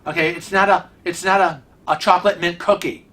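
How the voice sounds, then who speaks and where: A man hosts his vlog with a touch of a Rochester, New York accent. His voice is bright and forward, and he rambles from point to point in a chatty, teasing way. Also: sits high, fairly even intonation, brisk. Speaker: vlog host. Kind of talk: casual vlog commentary.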